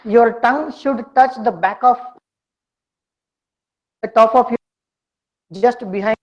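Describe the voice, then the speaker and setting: A woman teaching a pronunciation lesson, speaking slowly and deliberately and repeating words for her students to copy. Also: on the high side, a little mellow. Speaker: English communication skills teacher. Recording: dull lo-fi lecture recording.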